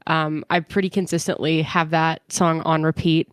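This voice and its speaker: A woman co-hosting a podcast in casual chat, speaking thoughtfully with frequent "um" pauses. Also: sits low, flat delivery, clear, resonant tone, no room sound, studio quality. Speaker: podcast co-host.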